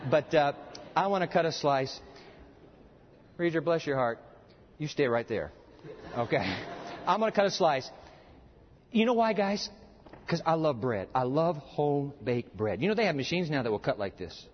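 A man preaching a sermon with a live demonstration, folksy and animated, joking with the audience in a church hall. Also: on the high side, normal speed, pauses often, a little hiss or hum. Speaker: pastor. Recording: dull, long-reverb hall sound.

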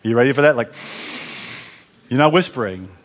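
A man's voice: medium pitch, lively intonation, normal speed. A man preaching a revival sermon in a large church, fervently calling out to and directing the congregation. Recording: long reverb of a large church.

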